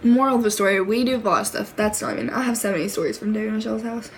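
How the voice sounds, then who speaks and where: A woman's voice: medium pitch, rapid-fire, a little hiss or hum, rough recording. A woman with a Southern US accent chatting in a casual storytime vlog, rambling with lots of fillers, giggly and self-deprecating. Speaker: vlogger.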